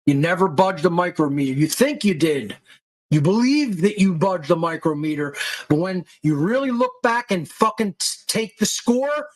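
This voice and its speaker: A man's voice: sits high, rough recording. A male podcast host giving an angry, aggressive monologue full of profanity and insults.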